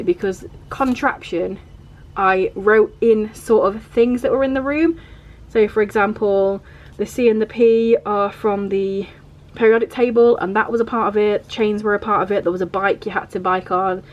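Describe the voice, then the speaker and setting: A woman talks casually in a vlog as she flips through her journal. She rambles a little and leans on filler words. Her pitch sits in an ordinary middle range. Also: fairly even intonation, moderate pace, muffled recording. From England. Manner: chatty, rambling, uses filler like "like" and "vibe". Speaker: vlogger.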